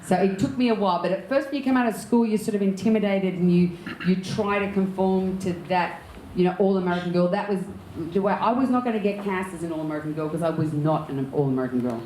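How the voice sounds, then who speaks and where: An Australian actress tells her stories with lively energy and frequent laughter. Her voice sits a little low. It carries through a reverberant room with a faint hum of background noise. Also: quick pace, hardly any pauses. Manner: lively, laughs often while telling anecdotes. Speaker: actor and director, interview guest. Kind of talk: candid storytelling in an onstage conversation.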